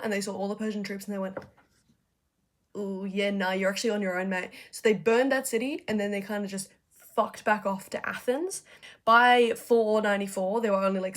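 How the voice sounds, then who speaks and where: A young woman casually retelling history in a slangy, profane, chatty way, hosting a video essay. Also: mid-range voice. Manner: profane, chatty, acts out figures in quick asides.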